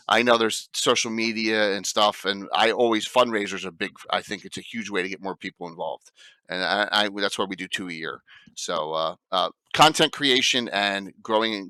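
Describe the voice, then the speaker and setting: Give me a male panel host with a lowish voice and a bright, forceful tone. He stumbles through his questions with lots of "uh"s, and the sound is dry and close with no room echo. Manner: halting, many fillers. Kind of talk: casual panel chat.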